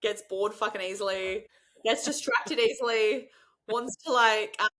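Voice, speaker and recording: A woman's voice: mid-range voice, moderate pace, a bit bright, slight background noise. A woman hosting a podcast, chatting casually, swearing freely and laughing often. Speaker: podcast host. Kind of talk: casual chat.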